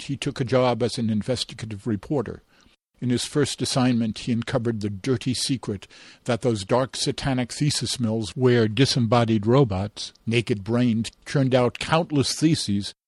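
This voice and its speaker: Deadpan male storyteller, dry sound. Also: medium pitch, no room sound. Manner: deadpan, punning delivery. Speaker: narrator. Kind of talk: scripted narration of a comic story.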